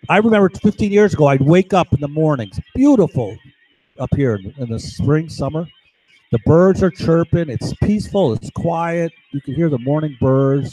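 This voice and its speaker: An agitated man rambles on in a loose monologue, tagging "right?" onto his points and restarting often. His voice sits a bit high for a man. The sound is dry and close, with no room echo. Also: warm tone. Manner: agitated, digressive, many restarts and "right?" tags. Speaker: vlogger. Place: home.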